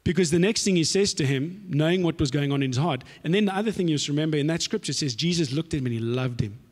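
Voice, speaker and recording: A man preaching a sermon in an animated, slangy, conversational style. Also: fairly high pitch, fast. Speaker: pastor. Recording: echoey hall reverb.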